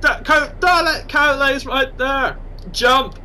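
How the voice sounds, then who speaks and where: A man casually commentating on his own game, excitable and self-mocking. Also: very high-pitched, slow, a little hiss or hum, rough recording. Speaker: gaming channel host.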